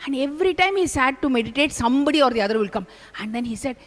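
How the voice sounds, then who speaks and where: A woman giving a storytelling spiritual discourse, animated and asking the audience questions. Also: high voice, racing, few pauses. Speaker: spiritual speaker. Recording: long hall reverb.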